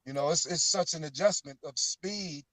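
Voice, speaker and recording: A middle-aged man, a former pro football player, chatting as a guest and telling stories, getting animated when he quotes teammates. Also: fairly high pitch, normal speed, no room sound, poor audio. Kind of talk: casual phone interview.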